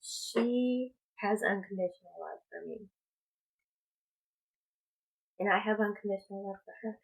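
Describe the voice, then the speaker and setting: A woman speaking as a spiritual coach in a personal vlog, talking in a slow, halting, reflective way. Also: medium pitch, vocal fry, slightly rough, low-quality recording. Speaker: spiritual coach and tarot reader.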